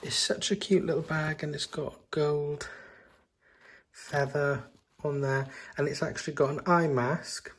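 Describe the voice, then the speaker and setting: A man with a hoarse voice, chatting eagerly through a casual home haul vlog. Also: fairly high pitch, fairly even intonation, a little slow, slight background noise. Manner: chatty and eager, with frequent ums. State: hoarse, recovering from laryngitis. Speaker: vlogger. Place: at home, indoors.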